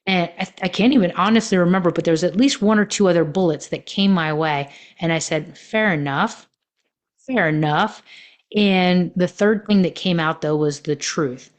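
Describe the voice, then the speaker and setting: A woman's voice: lowish voice, brisk, few pauses. A woman coaching on relationships in a podcast monologue, telling personal stories in a reflective way with many fillers.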